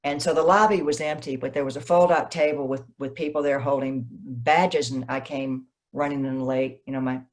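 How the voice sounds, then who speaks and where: Animated woman novelist telling stories. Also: very deep voice, normal speed, few pauses. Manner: animated, acts out quoted dialogue. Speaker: novelist guest. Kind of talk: conversational interview, storytelling.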